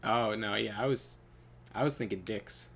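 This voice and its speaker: A man's voice: lowish voice, normal speed, gravelly, slight background noise. A man telling a story while gaming, laughing often and swearing casually. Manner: laughs often, animated, loose and profane. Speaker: gaming channel co-host.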